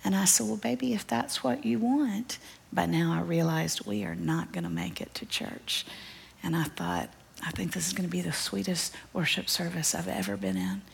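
A woman preaching to a church gathering with a low, gravelly, husky voice. She tells her story earnestly and often sinks into a soft, breathy near-whisper before rising again with emphasis. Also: sing-song, normal speed. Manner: earnest and emphatic, addresses listeners as y'all. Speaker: Bible study teacher. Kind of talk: storytelling sermon.

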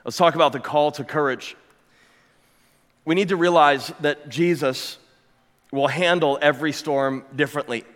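A man preaching a sermon as pastor, his voice sitting a touch high for a man. He presses his points with repetition and rhetorical questions. The sound rings out with a long reverb, as in a big church sanctuary. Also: normal speed, long pauses, fairly bright tone. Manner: emphatic, building with repeated phrases and rhetorical questions.

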